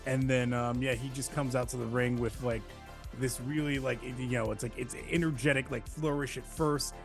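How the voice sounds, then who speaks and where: A man describing his character in a tabletop game, rambling and halting with many fillers. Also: mid-range voice, fairly even intonation, soft background music. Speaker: player.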